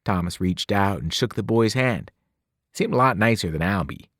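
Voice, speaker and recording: A man, a teacher, reading a novel aloud with expressive narration. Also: lowish voice, moderate pace, no room sound, clean studio sound. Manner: expressive, voices the characters. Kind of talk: audiobook narration.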